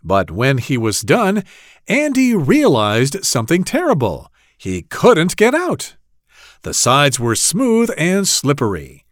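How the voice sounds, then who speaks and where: A man narrating a children's story in a slow, very expressive read-aloud manner. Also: on the high side, no room sound, studio quality.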